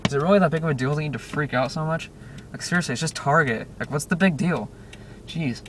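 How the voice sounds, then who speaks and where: A man's voice: fairly high pitch, quick pace. A teenage guy vlogging casually from his car, rambling with many restarts and fillers. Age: teens. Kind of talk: casual daily vlog. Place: inside a car. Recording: distant mic with loud car noise.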